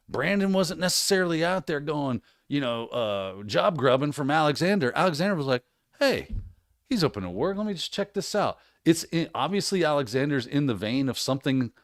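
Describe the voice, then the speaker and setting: Lively, encouraging livestream host man. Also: a little high, no echo, studio quality. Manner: energetic, encouraging, many restarts and "right?". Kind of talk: casual livestream advice.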